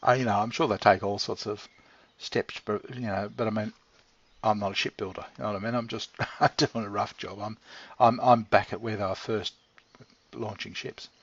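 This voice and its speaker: A man's voice: lowish voice, steady tone, normal speed, a bit bright, dry recording. A middle-aged man rambling casually to his pet, swearing freely and chuckling often. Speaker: channel host talking to his pet. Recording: dull lo-fi recording.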